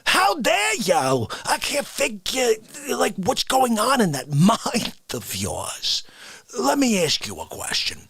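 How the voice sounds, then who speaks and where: A man's voice: high-pitched, creaky, breathy edge, no echo, exaggerated voice. Man doing How Dare You Guy, ranting New Yorker. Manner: ranting, exasperated, jumps from shouts to hushed whispers. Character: indignant old-school Bronx man scolding about respect. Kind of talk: comedy character bit.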